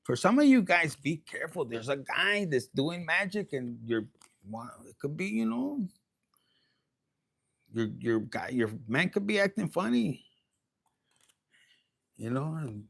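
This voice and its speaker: A man's voice: on the high side, very animated, unhurried, gravelly, long pauses, fairly bright tone, breathy edge. A man giving a casual, rambling and bawdy tarot reading, joking and slipping into Spanish. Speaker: tarot reader.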